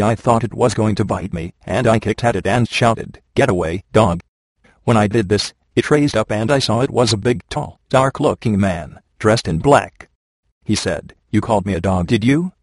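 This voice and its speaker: A man narrating a religious memoir aloud in a steady, measured reading. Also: fairly low pitch, dry recording.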